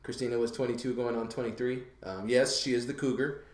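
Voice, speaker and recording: A man in his thirties hosting a podcast, telling a lively story and getting loud when he acts out his panic. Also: mid-range voice, fast talker, roomy sound. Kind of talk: casual storytelling chat.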